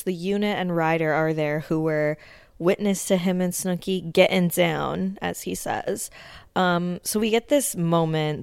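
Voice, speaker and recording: A woman's voice: on the low side, clean tone, no room sound. A woman hosting a podcast, giving a blunt, casual recap of a TV show, swearing often and filling with "like". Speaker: podcast host.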